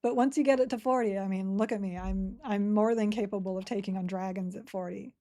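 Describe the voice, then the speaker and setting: Mellow Australian woman streaming a game. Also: mid-range voice, fairly even intonation, brisk. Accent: Australian, partly Americanized. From Sydney, Australia. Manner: chatty and laid-back, laughs often, answers chat between game moves. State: dry throat. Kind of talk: casual live-stream commentary while playing.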